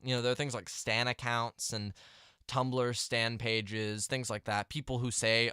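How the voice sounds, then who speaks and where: A man's voice: medium pitch, measured pace, bright, forceful tone, clean tone, dry recording, studio quality. A young man ranting to camera in a vlog, exasperated and rambling, with restarts and mumbled asides. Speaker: vlogger.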